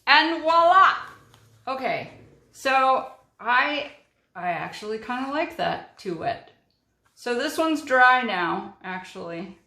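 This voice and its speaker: Slow, expressive and pushed bright, this middle-aged woman's fairly high voice chats her way through making a card. She narrates every step while working, scattering plenty of ums, and the room she records in is echoey.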